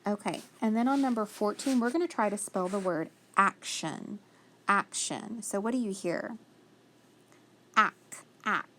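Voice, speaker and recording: A woman's voice: medium pitch, normal speed, a bit bright, slight background noise. A woman teaching a phonics spelling lesson, patiently sounding out letters and praising each answer.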